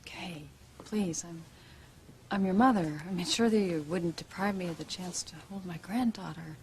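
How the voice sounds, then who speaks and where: Remorseful middle-aged mother, low and gentle, begging softly, played by an actress. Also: moderate pace, a little hiss or hum, lightly acted. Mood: pleading. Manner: gentle, pleading. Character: remorseful mother pleading with her daughter. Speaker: mother and grandmother in a soap opera. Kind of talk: daytime soap opera acting.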